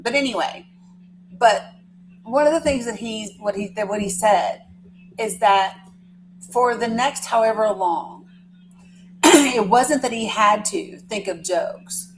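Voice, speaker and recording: A woman's voice: mid-range voice, slight background noise, poor audio. Chatty woman rambling to her live chat. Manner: casual swearing. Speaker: livestream host. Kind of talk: casual storytelling to a live chat.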